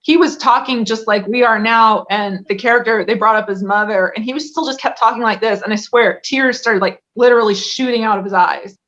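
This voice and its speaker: A woman's voice: fairly high pitch, a little fast, few pauses, fairly bright tone. Chatty laughing woman, lo-fi audio. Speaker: interview guest. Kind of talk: casual interview talk. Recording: dull lo-fi audio.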